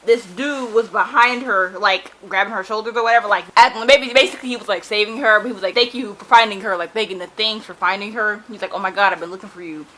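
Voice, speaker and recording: A young woman vlogging casually about a book she is reading, animated and exasperated, talking with many fillers while she is losing her voice. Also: medium pitch, fast talker, few pauses, poor audio. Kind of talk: casual reading reaction vlog.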